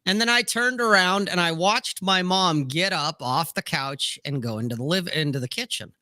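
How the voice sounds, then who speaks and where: A middle-aged man with a bright, fairly high voice spins a frank personal anecdote for his podcast co-hosts. He swears easily and leans on "you know" to keep the story moving. He sounds close to the mic in a dry, dead room. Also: normal speed, no room sound. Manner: candid, profane anecdote with frequent "you know". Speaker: podcast co-host. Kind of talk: casual storytelling on a podcast panel.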